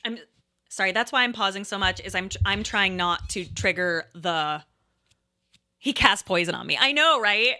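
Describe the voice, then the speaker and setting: A woman in her thirties casually telling a rambling story, pausing and restarting often and breaking into laughs. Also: medium pitch, bright, forceful tone. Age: 30s. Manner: hesitant, rambling, laughing often, quotes herself and others.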